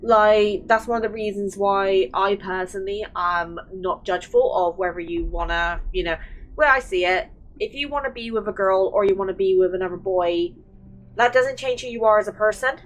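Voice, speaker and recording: A woman's voice: medium pitch, normal speed, rough recording. A young woman hosting a casual chat, rambling with many fillers and restarts. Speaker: channel host.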